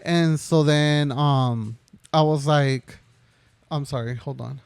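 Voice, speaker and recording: A man's voice: a little high, steady tone, slow pace, gravelly, a little mellow, clean tone, dry recording. A young man co-hosting a casual podcast, telling a story in a rambling way full of "like" and "um". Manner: rambling, lots of "like" and "um". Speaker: podcast co-host.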